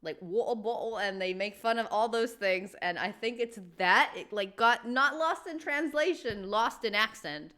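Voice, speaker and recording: A woman's voice: fairly high pitch, expressive, moderate pace, hardly any pauses, pushed and bright. A woman hosting a reaction video, chatting casually and animatedly with laughing asides.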